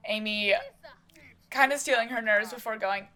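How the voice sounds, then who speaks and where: A woman's voice: mid-range voice, fairly even intonation, moderate pace, bright, forceful tone. A woman casually narrating her own home-made life-sim soap opera, adding chatty asides.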